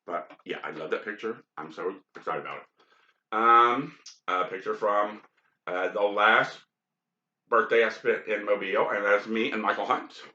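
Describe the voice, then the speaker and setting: A man's voice: on the low side, normal speed, sharp tone. A man hosting a casual podcast, rambling frankly over old photos with many ums and asides. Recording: dull, lo-fi, roomy sound.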